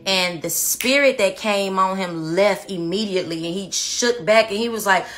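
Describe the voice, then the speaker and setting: A woman vlogger recounting a dream with lively, expressive storytelling. Her voice is bright and clear, and she speaks straight to her viewers in a casual way. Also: medium pitch, moderate pace. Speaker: Christian vlogger.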